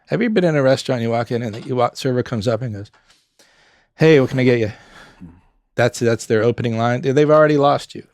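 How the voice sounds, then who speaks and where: A middle-aged man and former pub owner chatting on a podcast, an animated storyteller who acts out customers and staff in quick little voices. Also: mid-range voice, creaky, no echo. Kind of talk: casual podcast conversation.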